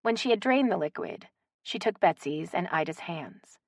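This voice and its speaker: A woman reading a romance audiobook aloud in an expressive narrating style. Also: lowish voice, moderate pace, creaky, dry recording, studio quality. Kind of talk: scripted narration.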